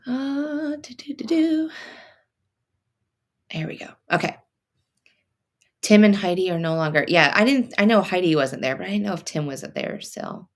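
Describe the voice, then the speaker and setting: A woman's voice: fairly low pitch, moderate pace. A woman hosting a sewing live stream, chatting and reading viewer comments aloud as she works. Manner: thinks out loud, many fillers and restarts. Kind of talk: casual live-stream chat.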